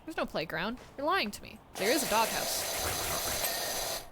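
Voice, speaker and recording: A woman streaming a game live, chatting casually and excitedly to her chat and the game. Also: on the high side, takes it slowly, heavy background noise.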